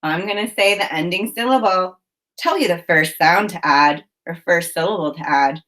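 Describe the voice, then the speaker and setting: A woman teacher runs a phonics lesson for children, giving slow, carefully enunciated prompts and words of encouragement. Her voice is lowish with a fairly bright tone.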